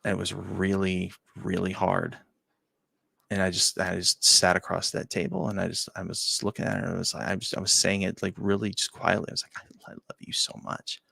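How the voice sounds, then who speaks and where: A man hosting a talk show, telling a personal story in a halting, emotional way, often dropping to a quiet near-whisper and repeating his words. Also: sits low, little pitch movement, vocal fry, dry recording. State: choked up. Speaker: show host.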